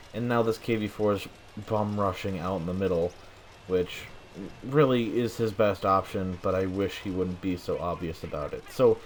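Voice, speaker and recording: A tired young man talking through his own tank game in a flat, monotone commentary, swearing now and then. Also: fairly low pitch, slight background noise. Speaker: gameplay commentator. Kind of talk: gameplay commentary.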